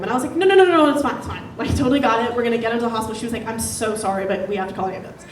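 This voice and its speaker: A woman's voice: fairly high pitch, a little hiss or hum. A young woman doing a stand-up set, telling a story in a chatty way with laughing asides. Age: young adult. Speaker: stand-up comedian. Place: comedy venue. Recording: echoey room, distant mic.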